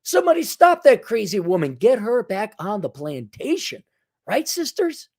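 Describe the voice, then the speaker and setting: A man's voice: high voice, wildly swooping pitch, normal speed, darkish tone. A man hosting a solo commentary monologue, lecturing in a sarcastic, mocking way. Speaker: commentary channel host.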